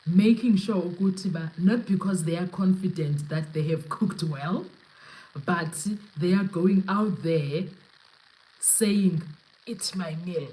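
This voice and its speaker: Speaking at a slow pace in a fairly low, mellow voice, a young South African woman hosts a live podcast, laughing often and mixing Zulu into her English as she chats animatedly. The casual live-stream commentary is recorded at low quality.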